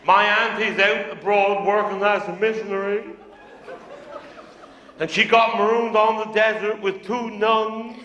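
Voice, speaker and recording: A man's voice: high-pitched, flat delivery, measured pace, pushed and bright, muffled recording, a faint crowd, slight background noise. A Cornish man doing stand-up, telling a crude pub yarn in a broad, earthy way and chuckling along at his own jokes. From Cornwall, England. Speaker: stand-up comedian. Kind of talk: stand-up storytelling on stage. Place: live comedy venue. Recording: echoey hall, 1990s live video.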